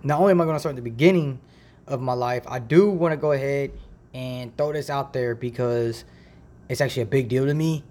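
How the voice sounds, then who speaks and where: Recorded close on a decent home mic in a makeshift setup, this Ohio podcast host delivers a casual faith monologue in a mid-range voice. He rambles chattily, slips into relaxed slang and circles back to his point.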